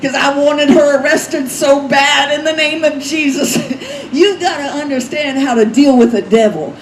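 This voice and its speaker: A woman pastor preaching from the pulpit, spinning an animated story and acting out every quote with laughter. Her voice sits a little high, and the recording rings with the echo of a large church hall under faint background hiss. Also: unhurried. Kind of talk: storytelling sermon.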